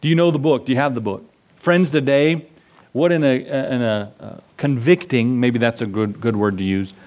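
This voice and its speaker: A man's voice: medium pitch, normal speed, darkish tone. A middle-aged male pastor preaching a sermon in a conversational way, acting out voices in his stories.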